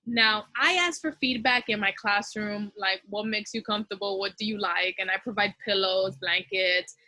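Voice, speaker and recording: A woman teacher talking fast and casually to fellow teachers, giving advice in a chatty way. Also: medium pitch, bright, forceful tone, dry recording.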